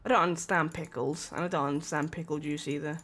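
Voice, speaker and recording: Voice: mid-range voice, fairly even intonation, fast talker, a bit bright. A streamer chatting casually and rambling, with lots of filler words and small laughs.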